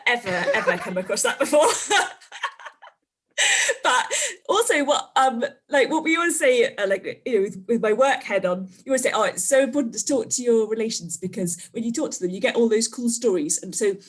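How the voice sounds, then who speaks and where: A woman's voice: on the high side, expressive, normal speed. A woman guest on a podcast, a family historian and magazine editor, talking in a chatty way and laughing easily. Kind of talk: casual interview chat.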